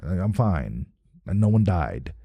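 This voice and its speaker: A man's voice: deep voice, very animated, unhurried, warm tone, husky, dry recording. A man from New Jersey telling a long, rambling story with lots of cursing and restarts in casual chat. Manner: profane, rambling, with many restarts. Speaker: guest.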